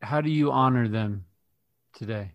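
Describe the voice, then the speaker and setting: A man's voice: medium pitch, a little slow, no room sound, muffled recording. Reflective male podcast host, dry sound. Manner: reflective, repeats words as he thinks. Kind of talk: podcast interview.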